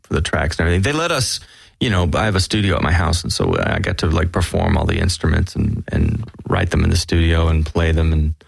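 A man with a raspy voice, a guest voice actor and musician who talks in a laid-back, joking way in a casual interview. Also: low voice, lively intonation, fast, no room sound.

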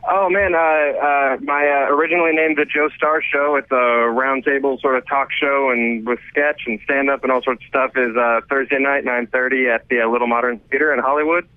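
Deadpan male comedian guest, mid pitch, heard over a dry, tinny phone line. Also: brisk, hardly any pauses, no echo.

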